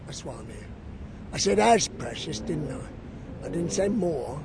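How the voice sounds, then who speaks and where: A man's voice: fairly high pitch, sing-song, measured pace, vocal fry, crowd noise. A man, a peace campaigner, giving angry, profane interview answers and asking many rhetorical questions.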